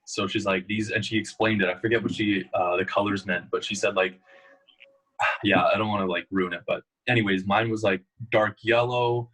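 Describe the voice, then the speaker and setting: Low husky-voiced man telling stories. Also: steady tone, normal speed, a bit bright, low-quality recording. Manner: storytelling, loose and rambling with many fillers. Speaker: guest. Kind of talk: casual interview chat.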